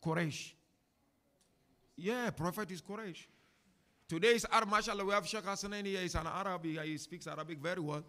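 A man, a sheikh, giving a chatty, animated religious talk to an audience in a mosque and taking their questions. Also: high-pitched, a little fast, long pauses. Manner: animated, chatty teacher with laughs and asides. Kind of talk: informal religious lecture with Q&A. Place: mosque hall before an audience.

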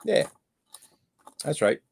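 A man's voice: slow pace, darkish tone. A man sharing tips and stories in a casual live-stream chat, often repeating little catchphrases. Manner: storytelling, repeats catchphrases like "there you go". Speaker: guest angler.

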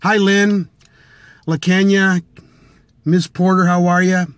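Out of breath after a workout, a middle-aged motivational business speaker talks from his car into a phone on a live stream. His voice sits high with a flat delivery and slow pace on a dry recording, yet he's blunt, energetic, and full of fillers.

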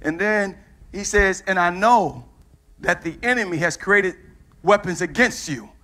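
A man with a Midwestern US accent preaching a sermon with fervor, urging the reader on and rising to shouts. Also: high-pitched, unhurried.

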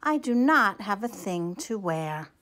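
A fretful, tearful young caterpillar bride from a storybook, as a woman reading aloud puts her on. She speaks plaintively, her voice swinging widely in pitch at a slow, drawn-out pace. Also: sing-song, a bit bright. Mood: hesitant.

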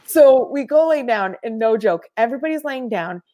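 A woman as a podcast guest, telling stories in a casual, animated way with frequent laughter. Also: fairly high pitch, normal speed. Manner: animated, laughs often mid-story, many fillers. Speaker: podcast guest, former reality show contestant. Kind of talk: casual storytelling chat.

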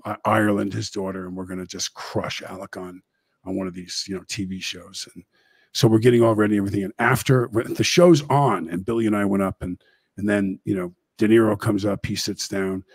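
A man's voice: fairly low pitch, a little mellow, breathy edge, dry recording. A middle-aged man hosting a talk show, telling rambling anecdotes in casual chat.

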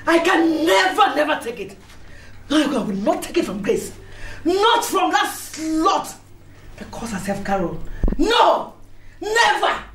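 A woman with a Nigerian accent playing a proud, furious senior woman of a ladies' club, ranting and shouting with scornful laughs in a film drama. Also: high voice, big pitch swings, slow pace, a little hiss or hum, full character voice. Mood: raging. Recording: echoey room with music underneath.

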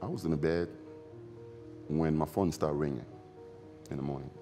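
A man, an interview guest recalling events in a halting, reflective way, repeating phrases with loose grammar. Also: very deep voice, warm tone, soft background music. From Democratic Republic of the Congo. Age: 40s. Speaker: interview guest, former basketball player. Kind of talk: emotional recollection in a sit-down interview.

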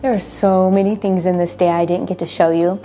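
A middle-aged woman vlogging in a casual, chatty way, tired and unwell, a little emotional, with fillers and soft laughs. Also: lowish voice, little pitch movement, a little fast, faint music behind. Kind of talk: casual vlog chat to camera.

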